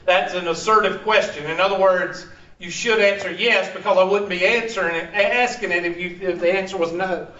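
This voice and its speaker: High-voiced joking math teacher. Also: male voice, steady tone, brisk, bright, forceful tone, recorded from a distance. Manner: joking, teasing, quizzes the class. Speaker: math instructor. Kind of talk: classroom lecture. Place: classroom. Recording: echoey muffled room recording from afar with faint hiss.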